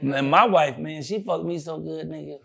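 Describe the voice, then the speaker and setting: An older male comedian telling stories in a casual interview, profane and animated, often laughing. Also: on the high side, moderate pace, gravelly, very noisy.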